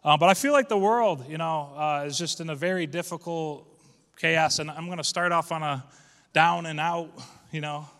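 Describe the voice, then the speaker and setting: Male pastor, sermon delivery, casual folksy talk rising to fervent preaching, bright forceful tone, long church reverb. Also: on the high side, moderate pace.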